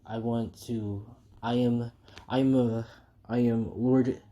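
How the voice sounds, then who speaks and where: A man's voice: mid-range voice, steady tone, slow, dark tone, dull audio, a little hiss or hum, natural voice. A man voicing a boastful young male ninja who calls himself a vampire lord, speaking in a plain, rambling way.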